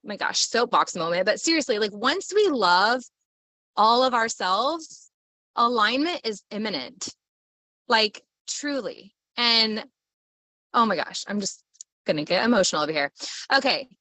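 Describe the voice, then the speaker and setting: A woman's voice: on the high side, lively intonation, a little slow, pushed and bright, no room sound. A woman hosting a live stream as a leadership coach, talking in a bubbly, enthusiastic, playful way. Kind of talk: casual motivational live talk.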